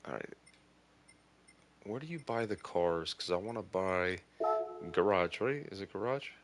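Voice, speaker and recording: A man giving casual, excitable gaming commentary, thinking aloud as he plays. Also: deep voice, unhurried, slight background noise. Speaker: gaming streamer.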